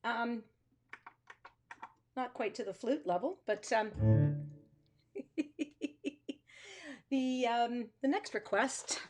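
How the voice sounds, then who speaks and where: Casting: high, chatty woman hosting a home music stream, faint guitar behind. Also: very slow, long pauses. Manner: chatty, self-amused, loose asides. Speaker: music teacher and host. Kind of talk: casual live-stream chat with singing.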